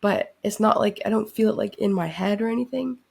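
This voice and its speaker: Raspy, gravelly young woman, sick. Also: medium pitch, a little fast. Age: 20s. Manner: laid-back, lots of "like". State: sick, losing her voice. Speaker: podcast co-host, student. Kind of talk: casual chat.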